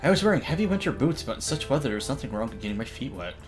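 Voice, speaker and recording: A man's voice: mid-range voice, very animated, rapid-fire, music in the background. A man streaming a visual novel, reading its lines aloud in a playful, joking way. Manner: playful, reads lines with mock voices and laughs. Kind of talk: let's play commentary, reading game text aloud.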